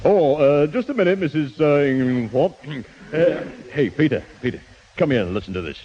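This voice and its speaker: A man's voice: on the high side, expressive, brisk, a little hiss or hum, lightly acted. An actor playing a good-humoured man who hesitates and stumbles through his words in a 1960s radio comedy. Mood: amused. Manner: hesitant, full of ums, amused. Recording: dull old radio recording.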